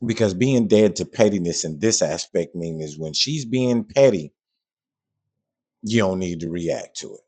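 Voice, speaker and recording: A man's voice: deep voice, animated, unhurried, dark tone. A man hosting a podcast and talking through a reaction in a casual way, blunt and frank, sometimes swearing, and repeating himself when he is puzzled. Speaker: podcast host.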